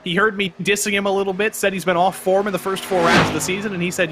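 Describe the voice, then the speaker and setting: A man doing live play-by-play commentary for an online racing league, joking and brisk. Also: sits high, fairly even intonation, music in the background.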